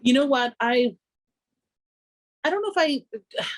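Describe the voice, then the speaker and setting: A Canadian singer and vocal coach, appearing as a radio interview guest, reflects unhurriedly and conversationally on her craft, raising her pitch when quoting herself. The recording is dry.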